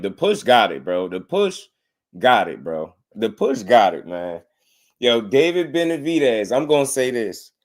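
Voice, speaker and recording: A man giving casual boxing commentary on a live stream, slangy and animated, laughing often. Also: mid-range voice.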